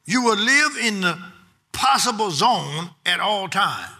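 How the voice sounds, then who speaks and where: A man preaching a sermon with fervent, rhythmic repetition and folksy phrasing. He rises to shouted peaks at times. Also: high-pitched, big pitch swings, takes it slowly.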